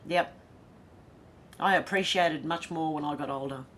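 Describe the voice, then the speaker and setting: A woman's voice: sits low, a little slow, fairly bright tone, slight background noise. A woman with an Australian accent hosting a casual livestream, reading viewer comments aloud and chatting with a laugh. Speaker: livestream host reading chat. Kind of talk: casual chat.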